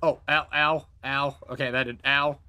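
A man's voice: mid-range voice, level tone, moderate pace, sharp tone, clean tone, no room sound. A man streaming a video game with friends, playful and giggly, muttering as he loots. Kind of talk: casual gaming chat.

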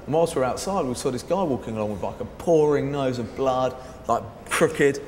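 A man casually telling a story, rambling with lots of "like" and swearing, raising his pitch when quoting people. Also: fairly quick, a little mellow, slight background noise. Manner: rambling, says "like" often, swears freely; raises his pitch sharply to act out quoted people. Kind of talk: casual anecdote to camera. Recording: echoey room with long reverb.

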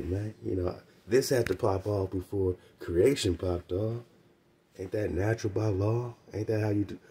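On his radio show, this man teaches religion using slang, hammering points home with repeated phrases and laughing asides. His voice is on the low side, warm and slightly rough.

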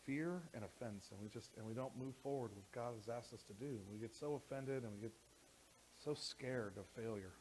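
A man preaching a sermon as pastor in a church, animated, with frequent repeated words and restarts, sometimes rising close to a shout. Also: medium pitch, fairly quick, a little hiss or hum, low-quality recording. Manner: animated, rising to near shouting when worked up.

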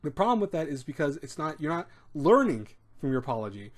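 Rambling through his advice talk, this host speaks fast in a fairly high voice with big swings in pitch. His casual delivery is full of restarts, repeated words and short acted-out quotes.

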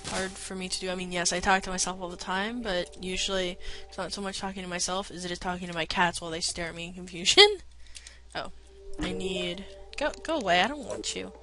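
A woman with a lowish, steady voice narrates her gameplay a little fast, chatting to herself as a let's play gamer. She playfully tells off the game's enemies while faint game music runs in the background.

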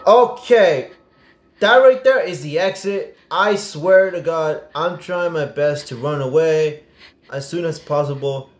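A young man commentating a horror game as he plays, excitable and prone to sudden yelps and swearing. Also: fairly high pitch, unhurried, echoey room. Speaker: gaming streamer. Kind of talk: gameplay commentary.

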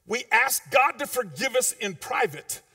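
Animated preaching pastor, man. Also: measured pace, dry recording, studio quality, far from the mic. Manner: preaches in a conversational, informal way with slang; swings between loud emphatic peaks and low quiet asides. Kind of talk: sermon. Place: church sanctuary.

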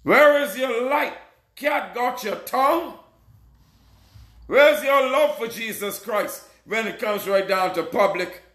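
A man preaching a fiery sermon, urgent and scolding, often breaking into shouts. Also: very high-pitched. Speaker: self-proclaimed messiah preacher. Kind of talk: fiery street-style sermon. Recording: roomy echo.

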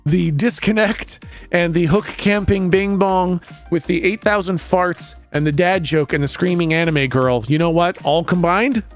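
Excitable swearing male game streamer. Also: sits high, a little slow, faint music behind. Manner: excitable, profane, laughs often. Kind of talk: casual livestream commentary.

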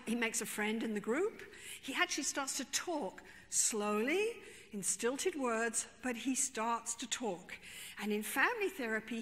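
High, bright-voiced woman telling a story. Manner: expressive, emphatic storyteller with repeated asides. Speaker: therapist. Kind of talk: storytelling talk to a conference audience. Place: large conference hall. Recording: long reverb in a large hall.

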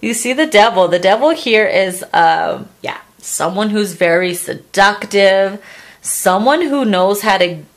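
A woman's voice: medium pitch, lively intonation, measured pace. A woman doing a casual tarot reading, blunt and crude, laughing often and acting out what people say. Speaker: tarot reader.

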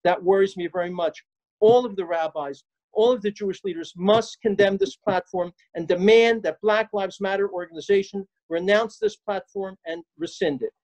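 A man's voice: high voice, moderate pace, darkish tone, poor audio. An older man, a guest on a video call, speaking emphatically and indignantly with frequent filler sounds. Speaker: guest, advocacy group president. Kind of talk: impassioned Zoom discussion.

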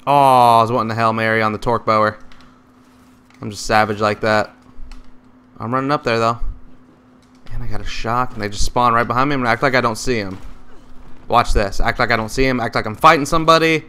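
Excitable, foul-mouthed gaming commentator, male. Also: mid-range voice, a little fast, pauses often, smooth. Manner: excitable, profane trash talk; loose, rambling, jokey. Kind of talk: live gameplay commentary.

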